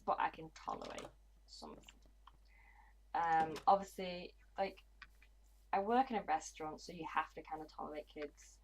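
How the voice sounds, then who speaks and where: A young woman talks loosely to her stream in a lowish voice, cursing without a second thought. She mumbles half to herself between remarks, and faint mouse clicks tick along in the background. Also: a little mellow, muffled recording, slight background noise. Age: 20s. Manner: chatty and blunt, swears freely, mutters to herself while playing. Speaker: gaming livestreamer. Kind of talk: casual livestream chat while playing.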